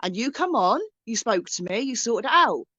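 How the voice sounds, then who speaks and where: A woman's voice: on the high side, sing-song, moderate pace, sharp tone, no echo. A woman guest on a livestream, insistent and accusing as she argues her side. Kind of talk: heated livestream argument. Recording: dry muffled lo-fi stream audio.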